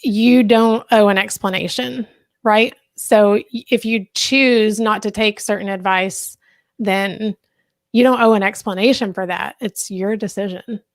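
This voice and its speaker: A woman's voice: mid-range voice, fairly even intonation, a little slow, no room sound, clean studio sound. A woman co-hosting a motivational podcast, speaking in a reflective, reassuring way. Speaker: podcast co-host. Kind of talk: casual podcast discussion.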